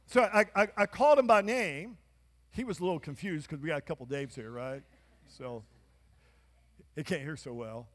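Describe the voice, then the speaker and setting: A man pastor preaching a sermon in a church, his voice pitched high. He speaks emphatically and calls out to the congregation for answers. Long reverb fills the large sanctuary. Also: normal speed, long pauses. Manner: emphatic preaching with call-and-response.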